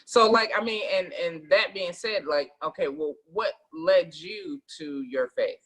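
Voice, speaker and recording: A woman hosting an interview, asking her guest questions in a relaxed, conversational way. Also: on the low side, a little slow. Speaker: host.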